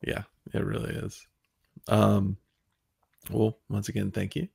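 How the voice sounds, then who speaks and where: Man, podcast host, gravelly husky voice, fairly low, dry close sound. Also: slow pace, no room sound. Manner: relaxed, affirming interjections. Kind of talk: casual interview chat.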